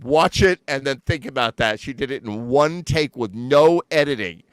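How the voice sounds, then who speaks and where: A man hosting a show, telling stories in a casual, animated way with plenty of fillers. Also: medium pitch, normal speed, clear, resonant tone, dry recording. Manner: animated, chatty, lots of fillers. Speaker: show host and musician. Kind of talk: casual storytelling.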